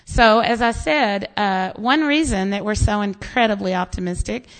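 American woman, pastor, sermon, gravelly voice, animated storytelling. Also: mid-range voice, normal speed. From United States.

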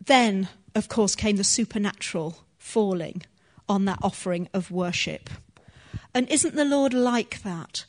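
A woman preaching a sermon to a congregation, teaching earnestly and laughing softly now and then. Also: mid-range voice, unhurried.

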